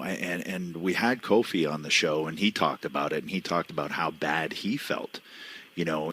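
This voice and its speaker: A man's voice: extremely low pitch, a bit bright, a little hiss or hum. A man co-hosting a casual interview podcast, reflective and encouraging, thinking aloud as he goes. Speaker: podcast co-host.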